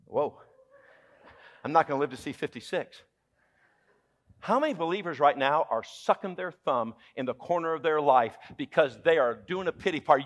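A man with a Southern US accent preaching a sermon as pastor, emphatic and humorous, dropping from loud exclamations to hushed lines and asking the congregation questions. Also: a little high, expressive, moderate pace. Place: church sanctuary.

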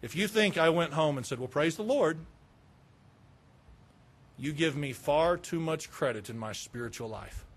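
High-voiced male preacher, candid and conversational. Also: expressive, normal speed, few pauses. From Southern United States. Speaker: pastor. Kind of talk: sermon.

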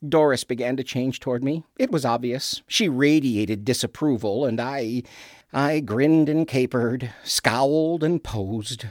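A woman's voice: extremely low pitch, measured pace, a little mellow, no room sound, studio quality. A woman voicing a once-reserved male theater critic who has turned into a melodramatic ham, in radio drama acting. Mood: rueful. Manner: overwrought, theatrical swoops between declaiming and confiding.

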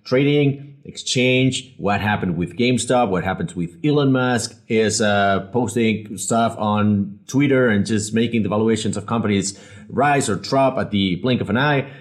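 A man's voice: on the low side, a little slow. A man hosting a podcast, introducing guests in an upbeat, rambling, casual way. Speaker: podcast host and company founder.

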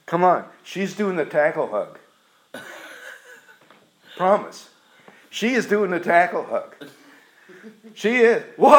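Earnest, unhurried male preacher. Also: high-pitched, big pitch swings, low-quality recording. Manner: earnest, emphatic storytelling. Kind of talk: sermon.

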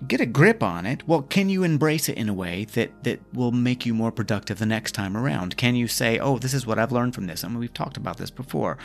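A man hosting a reflective self-help podcast, speaking gently and asking the listener questions as he coaches. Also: on the low side, gravelly. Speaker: podcast host. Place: lives in Scotland.

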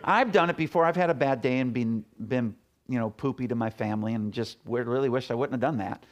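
A man's voice: medium pitch, fairly quick. A middle-aged man preaching a sermon as a pastor, talking casually and telling stories with acted-out quotes. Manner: conversational, storytelling with acted quotes.

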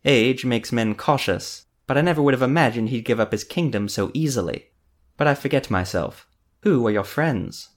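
A man's voice: mid-range voice, normal speed, natural voice. A man voicing a stern, self-serious young nobleman in an audiobook reading. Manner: stern, clipped.

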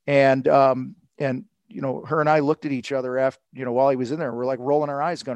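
A man telling a sales story in casual podcast talk, acting out the people he quotes with lively energy. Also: medium pitch, fast talker, hardly any pauses, no room sound. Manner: animated storytelling, acts out quotes. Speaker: sales coach guest.

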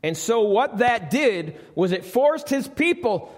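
A man's voice: high voice, sing-song, slow, hardly any pauses. A middle-aged man preaching a conversational sermon in church, asking the congregation questions. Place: church sanctuary. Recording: live church recording with long reverb.

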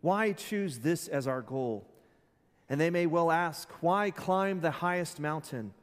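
A preacher doing a grand 1960s president orating. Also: male voice, fairly high pitch, long reverb tail. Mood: oratorical. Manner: slow, oratorical declaiming. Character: 1960s male president giving a grand speech.

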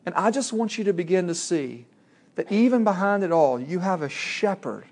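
A man's voice: high voice, animated, moderate pace, darkish tone. A man preaching a sermon in a conversational way, speaking directly to his listeners.

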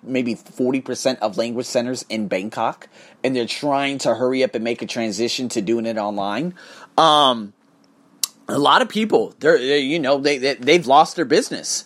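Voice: mid-range voice, animated, moderate pace. A teacher ranting in a casual vlog, profane and emphatic, speaking heatedly about work. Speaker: English teacher in Bangkok.

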